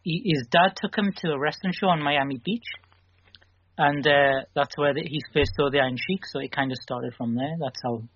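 Man, podcast co-host, casual chat, hesitant, fairly high voice, muffled audio. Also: normal speed, fairly bright tone, husky. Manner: loose, hesitant storytelling. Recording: dull lo-fi audio with faint noise.

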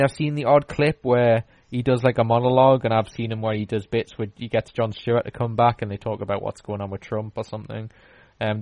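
A man's voice: fairly low pitch, a little mellow, no room sound. A man in casual chat, telling a long story with many fillers and restarts.

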